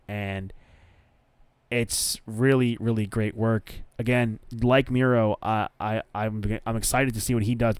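Smooth-voiced man chatting about wrestling. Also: fairly low pitch, no room sound. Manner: enthusiastic, loose and profane, with frequent fillers. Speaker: wrestling podcast host. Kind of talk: casual wrestling commentary chat.

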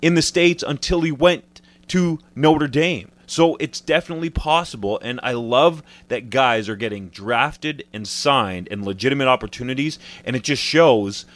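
A man's voice: mid-range voice, a bit bright. A man co-hosting a casual sports talk show, easygoing but emphatic in his views. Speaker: sports podcast co-host.

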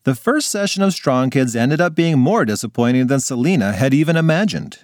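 A man reading a funny children's story aloud in a playful, animated way. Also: medium pitch, brisk, dry recording, clean studio sound. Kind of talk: scripted narration for children.

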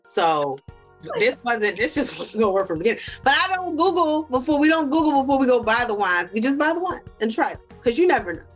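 A woman's voice: high voice, big pitch swings, fast. Woman co-host, hesitant, thinking aloud, casual chat, faint music. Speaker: podcast co-host.

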